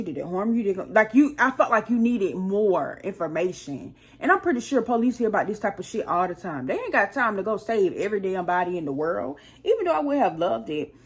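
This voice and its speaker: Husky-voiced woman telling a profane story. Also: medium pitch. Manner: rambling and profane, acting out her own heated quotes. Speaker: storytime channel host. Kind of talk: casual storytime monologue.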